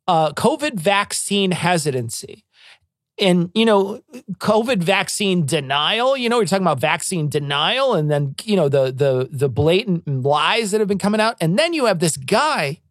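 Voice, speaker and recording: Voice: medium pitch, normal speed, no echo, clean studio sound. A podcast co-host from Illinois in casual chat, telling stories with profanity and acting out what people said. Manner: animated storytelling, profane, acts out quotes.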